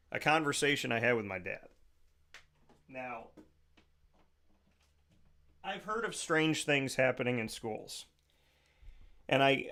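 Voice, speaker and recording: A man's voice: mid-range voice, a bit bright. Incredulous man ranting on radio. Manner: incredulous, sarcastic, rambling with restarts. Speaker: radio show host. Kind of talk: casual radio monologue.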